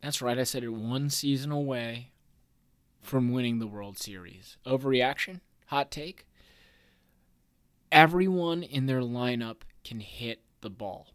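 A man's voice: mid-range voice, measured pace, smooth. A man hosting a casual sports podcast, talking in a playful, jokey way and hyped about his team. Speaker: podcast host.

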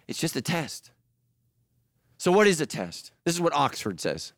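Male preacher, emphatic and playful, slightly high voice, dry close sound. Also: normal speed, no echo. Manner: animated, joking, emphatic. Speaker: pastor. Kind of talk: sermon.

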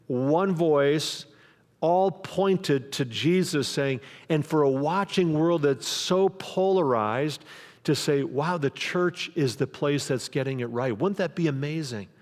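A man preaching a sermon as pastor, in a conversational way, acting out the quoted voices of the people in his stories. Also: on the high side. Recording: long hall reverb.

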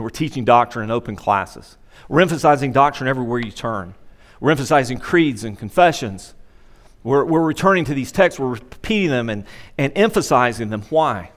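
A man's voice: mid-range voice, expressive, brisk. A middle-aged man preaching a sermon in a church, conversational and emphatic, repeating key phrases, on a wearable microphone. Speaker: pastor. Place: church sanctuary. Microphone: wearable microphone pack.

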